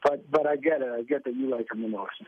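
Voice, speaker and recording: A man's voice: mid-range voice, fairly even intonation, fast talker, husky. A man in his forties, a guest on a radio talk show, joking and rambling with lots of restarts. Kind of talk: casual radio interview. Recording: dull lo-fi radio sound.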